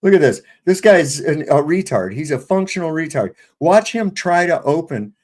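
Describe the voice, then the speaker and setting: A man's voice: a little high, very animated, moderate pace, a little mellow. An older man ranting in casual, profane, exasperated political chat on a livestream panel.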